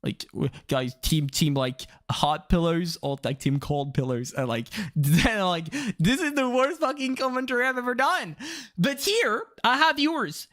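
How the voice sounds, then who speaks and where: A man's voice: sits high, lively intonation, unhurried, fairly bright tone. Rambling young French-accented male streamer. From France. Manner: rambling and self-mocking, with frequent swearing and fillers; jumps into mock voices mid-sentence. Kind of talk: casual live-stream chat.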